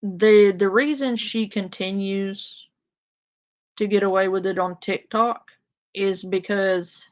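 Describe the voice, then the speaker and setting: A woman holds forth to her live chat in a slow, deliberate way, blunt and openly confrontational. Her audio is dull and lo-fi, as if from a cheap mic. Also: medium pitch, steady tone. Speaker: commentary streamer. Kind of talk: casual live-stream commentary.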